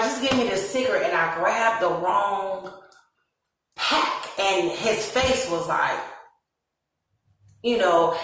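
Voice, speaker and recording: A woman's voice: medium pitch, fairly bright tone, recorded from a distance, a little hiss or hum. A woman tells her own story in a casual vlog. She laughs often and acts out her past reactions in quoted asides. Her voice sits back from the mic in a very echoey room. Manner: laughs often while telling a serious story. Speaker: vlogger.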